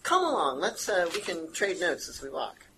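A man's voice: sits high, wildly swooping pitch, moderate pace, vocal fry, bright, forceful tone, a little hiss or hum. A man in playful, friendly in-character talk during a tabletop role-playing game. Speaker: tabletop player. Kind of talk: casual in-character role-play.

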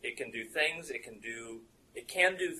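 A man's voice: mid-range voice, expressive, normal speed, pushed and bright, low-quality recording. A man running a tabletop horror game as game master, explaining rules with frequent laughs.

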